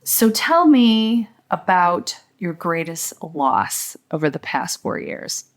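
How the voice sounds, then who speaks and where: A woman's voice: on the low side, big pitch swings, takes it slowly. A middle-aged woman interviewing a young graduate, asking reflective questions and musing on her answers. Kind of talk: oral history interview.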